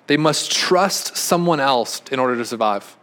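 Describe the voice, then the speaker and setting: A man preaching a sermon in a mid-pitched voice. He is earnest and circles back over his phrases, building to emphatic, louder peaks before dropping to hushed, intimate lines. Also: lively intonation, normal speed. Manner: earnest, repeats and restarts phrases, rises to emphatic peaks then drops quiet. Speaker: pastor.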